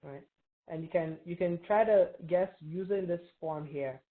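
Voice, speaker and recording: Woman teacher, low register, patient quizzing style, phone-quality audio. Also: measured pace. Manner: patient, quizzes students, frequent "right?" checks. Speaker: Arabic teacher. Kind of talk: classroom review lesson. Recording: tinny phone-like online call.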